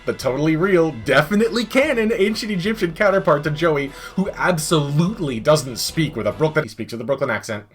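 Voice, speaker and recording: A man's voice: on the high side, lively intonation, fairly quick, hardly any pauses, soft background music. A man giving a comedic, sarcastic game review voice-over that breaks into exasperated rants, recorded close on a mic.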